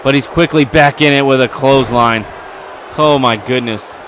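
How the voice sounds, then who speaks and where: A man giving excitable play-by-play commentary over a wrestling video game, getting louder at the big moments. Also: medium pitch, normal speed, noisy background. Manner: excitable, building to yelling at near falls.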